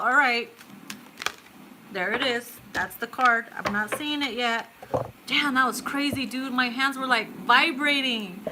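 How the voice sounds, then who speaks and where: A woman in her thirties giving a live tarot reading in a casual, excitable way. She swears freely, laughs often and calls her viewers boo and babe. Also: fairly high pitch, noisy background. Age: 30s. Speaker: tarot reader.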